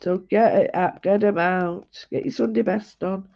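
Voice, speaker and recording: A woman streams herself drawing and keeps up a homely, meandering commentary for viewers about her work. Her mid-range voice is gravelly and steady in tone, a little slow. The audio is dull and lo-fi.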